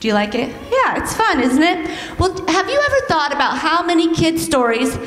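High-voiced woman telling children a story. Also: moderate pace, slight background noise. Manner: animated, coaxing, leads children in call-and-response. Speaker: children's church teacher. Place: church sanctuary. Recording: echoey hall, heard from some distance.

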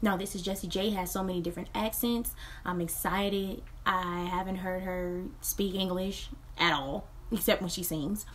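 A woman's voice: lowish voice, fairly even intonation, normal speed, fairly bright tone, slight background noise. A woman hosting a casual reaction vlog, talking to her viewers in a chatty, upbeat way. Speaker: reaction channel host.

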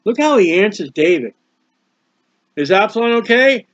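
An American man teaching a Bible study. He reads scripture slowly, then explains it in plain, folksy asides. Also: high-pitched, sing-song, fairly bright tone, no echo. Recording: dry, muffled lo-fi recording.

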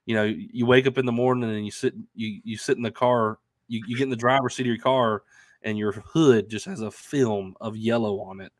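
Speaking from his Arkansas home over a remote stream mic, a male co-host keeps a casual sports talk stream going, upbeat and chatty with plenty of fillers despite a stuffy, nasal, allergy-clogged voice. His pitch is fairly low, his tone steady and his pace brisk, with clean studio sound and no echo.

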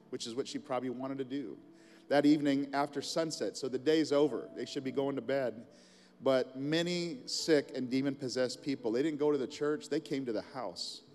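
Middle-aged pastor preaching in a reverberant hall. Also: male voice, medium pitch, a little mellow. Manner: casual, storytelling delivery with asides. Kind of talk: sermon.

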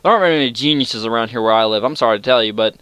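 A young man telling a story in an exasperated, sarcastic rant, swearing freely and breaking into sudden high outbursts. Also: racing, fairly bright tone, clear, resonant tone, dry recording. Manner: jumps to high-pitched outbursts. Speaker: vlogger. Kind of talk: ranting storytime.

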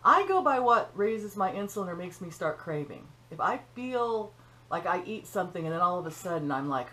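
An older woman chats in a folksy, homespun way from her kitchen, tossing in little jokes as she goes. Her voice sits on the low side, with faint room ambience behind her. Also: very animated, moderate pace, bright, forceful tone, a little hiss or hum, rough recording. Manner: folksy and chatty, joking asides. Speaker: cooking channel host. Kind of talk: casual chat.

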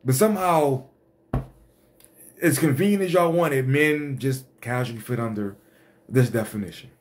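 A man's voice: medium pitch, normal speed. A man hosting an exasperated ranting commentary, blunt and profane. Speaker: host.

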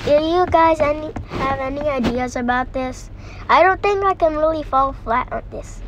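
Woman gamer, sick, high voice, unhurried rambling let's-play chatter. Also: background noise. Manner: rambling, excitable, repeats phrases.

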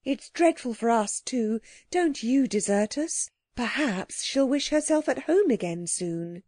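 A woman's voice: fairly high pitch, expressive, unhurried, a little mellow, no echo, voice pushed up. A woman voicing an earnest, resourceful young girl in a children's audiobook. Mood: pleading. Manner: eager, pleading, practical.

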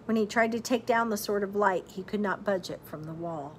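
Woman, storybook read-aloud, expressive, teacher-like asides, mid-pitched voice. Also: a little hiss or hum. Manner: expressive, pauses to quiz listeners.

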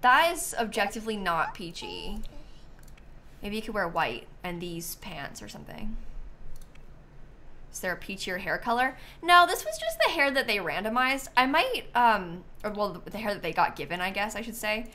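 A woman's voice: mid-range voice, very animated, moderate pace, pushed and bright. A woman streamer chatting casually while she plays a life-sim game, thinking aloud and sounding a little sleepy. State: sleepy, yawning. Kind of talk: casual gameplay commentary.

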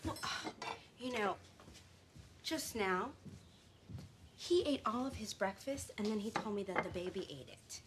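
An actress playing an anxious, bossy young wife who frets and scolds in quick bursts. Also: female voice, mid-range voice, expressive, heavy background noise, natural voice. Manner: rapid, fretting, scolding. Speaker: wife and mother.

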